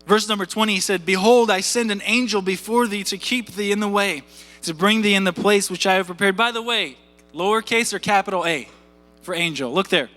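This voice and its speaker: A man in his thirties preaches in an animated, conversational style with a bright, ringing voice. His tone sits high, and it carries through the long reverb of a church hall, with faint music in the background. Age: 30s. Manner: animated, conversational preaching with asides and rhetorical questions. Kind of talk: sermon. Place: church sanctuary.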